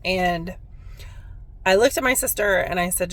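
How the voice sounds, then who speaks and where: A woman's voice: lowish voice, measured pace, fairly bright tone, slight background noise. A woman who works as a spiritual medium, telling a personal story in a heartfelt, reflective way on her vlog.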